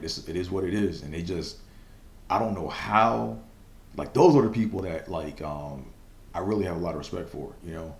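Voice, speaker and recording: A young man hosts a casual solo podcast, telling a personal story in a loose, rambling style full of fillers and swearing. His voice is low and gravelly with a roomy sound, and he stutters now and then.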